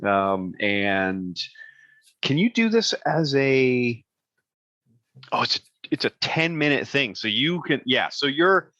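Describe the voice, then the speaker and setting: A man narrating as game master in a casual, halting way with many fillers and restarts. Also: mid-range voice, very animated, bright, forceful tone, no echo, dull audio.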